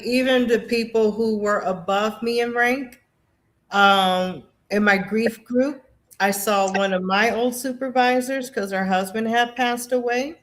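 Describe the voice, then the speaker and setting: A middle-aged woman shares memories in a lively, storytelling way, slipping into the voices of people she quotes. Her voice sits a little high for a woman. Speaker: guest, Air Force veteran. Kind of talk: emotional conversation about grief.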